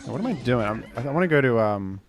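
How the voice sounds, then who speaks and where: A man's voice: mid-range voice, lively intonation, fast talker, faint music behind. A young man streaming a game, reading chat with dry, joking banter. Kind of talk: casual gameplay commentary.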